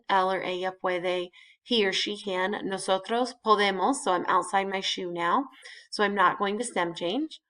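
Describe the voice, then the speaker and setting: Woman, teacher, relaxed explainer with lots of fillers, recorded lesson read. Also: mid-range voice. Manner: chatty, explains step by step with fillers. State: has hiccups. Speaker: Spanish teacher.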